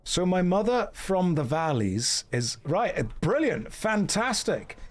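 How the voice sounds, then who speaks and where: A streamer speaks in a crisp British received pronunciation accent, his voice sitting a little higher than most men's. He chats casually while playing, delivering jokes in a dry, deadpan way. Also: unhurried.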